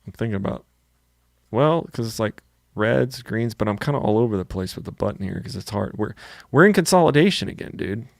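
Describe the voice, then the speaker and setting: Gravelly-voiced man thinking aloud. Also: on the low side, expressive, a little fast, no room sound, studio quality. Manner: thinks aloud, hesitant, says "dude" a lot. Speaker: co-host trading live. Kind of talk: casual live-stream chat.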